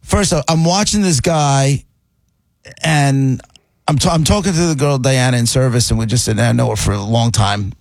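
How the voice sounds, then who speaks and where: Gravelly animated man telling a story. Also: medium pitch, normal speed, no room sound. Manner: animated, rambling, repeats "right?". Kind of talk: casual storytelling chat.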